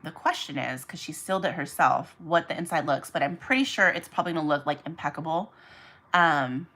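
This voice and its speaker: A woman with a low, somewhat bright voice talks briskly over poor audio while hosting a casual livestream as an online reseller. She packs orders, chats, wanders off on tangents, and addresses her viewers by name.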